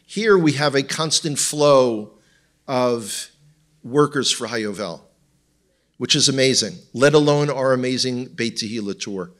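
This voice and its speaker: A man's voice: medium pitch, unhurried, a bit bright. A man with an Israeli accent, a tour guide giving a humorous teaching talk with slides to a congregation, full of wry jokes and asides to the audience. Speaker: tour guide and guest speaker. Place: church congregation in front of an audience.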